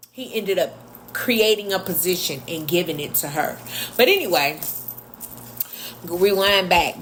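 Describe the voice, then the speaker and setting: Woman, low-pitched voice, casual storytime, blunt and sarcastic, faint background hiss. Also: fairly bright tone. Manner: blunt, chatty, sarcastic asides. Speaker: vlogger.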